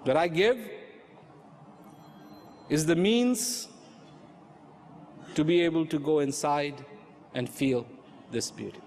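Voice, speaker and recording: A man giving an inspirational talk on inner peace, slow and reflective, repeating phrases for emphasis. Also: a little high, darkish tone, slight background noise. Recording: hall reverb with faint ambience.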